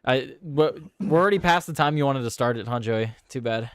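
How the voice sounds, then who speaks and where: Young male livestream host, clear tone, dry close mic, halting delivery. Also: mid-range voice, dry recording. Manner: halting, restarts often, laughs at own jokes. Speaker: host of a political show. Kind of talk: casual political talk livestream.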